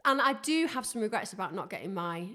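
A woman chatting quickly and eagerly, stringing her stories together with lots of "like" fillers. Her pitch sits in the middle range, and she keeps up a brisk pace. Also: big pitch swings, bright, forceful tone. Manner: chatty, enthusiastic storyteller with many "like" fillers. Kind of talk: casual chat.

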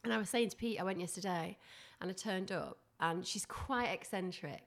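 A woman with a strong Northern English accent, co-hosting a casual podcast at home and telling stories with lively, acted-out asides. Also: medium pitch, moderate pace. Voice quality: animated, acts out voices in her anecdotes. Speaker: podcast co-host. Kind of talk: casual chat. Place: home, dogs nearby.

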